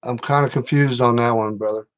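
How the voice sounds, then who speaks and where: A man's voice: mid-range voice, steady tone, fairly quick. A man hosting a casual livestream, rambling and reading out viewer comments as he talks. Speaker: livestream host.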